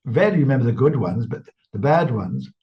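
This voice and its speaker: An older English man telling stories in a relaxed interview, chatty and quick to laugh, his quoted voices full of life. The sound is a little dull and muffled. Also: mid-range voice. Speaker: medium, interview guest. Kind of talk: casual anecdotal interview talk.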